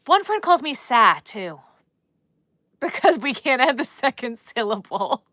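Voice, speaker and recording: A woman's voice: fairly high pitch, big pitch swings, takes it slowly, bright, forceful tone, no echo. A woman with a New Jersey accent, hosting a casual livestream and chatting in a rambling way while she crochets. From Newark, New Jersey. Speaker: livestream host.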